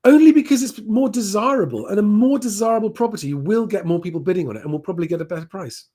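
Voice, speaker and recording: A man's voice: high voice, fast talker, mellow. A man hosting a live property Q&A, reading out viewer comments and answering them in a chatty, plain-spoken way with frequent ums. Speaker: property advice host.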